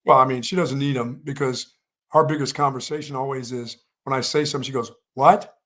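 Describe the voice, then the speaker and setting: Male co-host, relaxed rambling storyteller, stammers and repeats, mid-pitched. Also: fast talker. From Pennsylvania. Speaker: sports radio co-host. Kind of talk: casual morning show chat.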